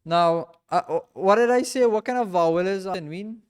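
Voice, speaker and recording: A man teaching a reading class in a mosque, patiently repeating and drilling each sound slowly for his students. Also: high-pitched, clean tone. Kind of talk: classroom lesson.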